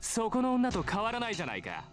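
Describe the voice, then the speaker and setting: A man's voice: high voice, huge pitch swings, racing. An actor playing a cruel, arrogant teenage boy who taunts and looks down on everyone, in a voiced visual novel. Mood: taunting. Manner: taunting, condescending, theatrical. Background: game music.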